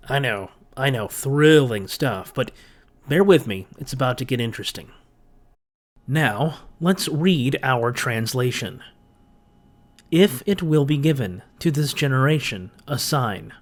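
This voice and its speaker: A man hosting a biblical studies channel, reading a scripted lecture in a methodical, explanatory way with touches of dry humor. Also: mid-range voice.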